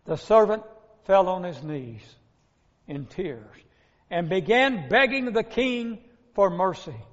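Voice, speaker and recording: A man's voice: high voice, expressive, takes it slowly. A male preacher giving a sermon, retelling a parable dramatically and speaking straight to his listeners, in a dull recording with long hall reverb. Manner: dramatic storytelling, addresses the listeners directly.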